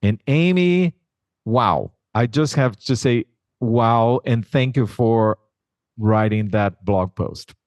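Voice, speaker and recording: Male podcast host, unhurried and enthusiastic, dry close sound. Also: medium pitch, a little mellow, no echo, lo-fi sound. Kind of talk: podcast conversation.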